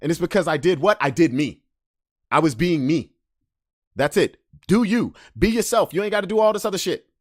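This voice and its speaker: A man talks straight into a close, dry microphone in a casual podcast rant. His pitch swings widely as he goes from loud, pointed emphasis to low muttering asides. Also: animated, a little fast, dry recording. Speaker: podcast host.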